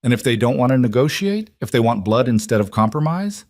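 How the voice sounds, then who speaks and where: A man's voice: medium pitch, big pitch swings, fairly quick, darkish tone, dry recording, studio quality, pitched above the performer's own voice. A man voicing a tense, defiant young female nurse who asks pointed questions.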